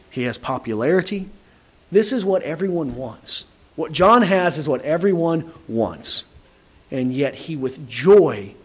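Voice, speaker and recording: A man preaching a sermon, animated, acting out quoted dialogue and often repeating words as he starts a phrase. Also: medium pitch, husky.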